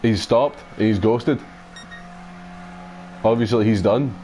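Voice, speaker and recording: A man's voice: on the low side, slow pace, dark tone, slight background noise. A Scottish man chatting casually while streaming a racing game, sweary and mocking, often laughing. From Scotland. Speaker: gaming streamer. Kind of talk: casual gaming stream chat.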